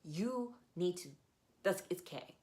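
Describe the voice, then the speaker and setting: A woman's voice: on the low side, animated, slow, a little mellow. A woman voicing an insistent, tearful mother who demands to be believed. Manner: insistent, emphatic.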